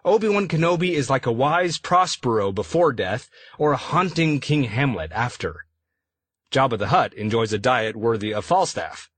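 A man's voice: medium pitch, animated, normal speed, a bit bright, no echo. A man, the author, reading his own afterword for an audiobook in a bookish, playful manner.

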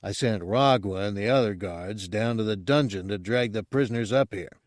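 A man voicing an impatient, bossy male Gamorrean guard captain with a gruff, scolding manner. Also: fairly low pitch, moderate pace, no echo, clean studio sound, lightly acted.

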